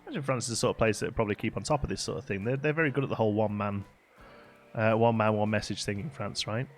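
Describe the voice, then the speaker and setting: A man's voice: lowish voice, steady tone, racing, faint music behind. A man chatting casually while streaming a game live, rambling and laughing often.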